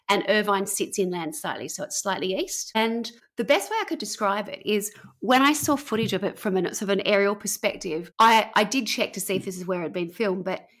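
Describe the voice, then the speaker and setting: A woman's voice: mid-range voice, brisk, hardly any pauses, a bit bright. A woman telling a story on a podcast in a chatty, rambling way with plenty of fillers. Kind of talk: conversational storytelling.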